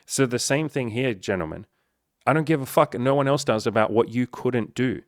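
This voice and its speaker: A man's voice: mid-range voice, moderate pace, no echo, clean studio sound. A man speaking as a dating coach in a blunt, profane, emphatic motivational monologue.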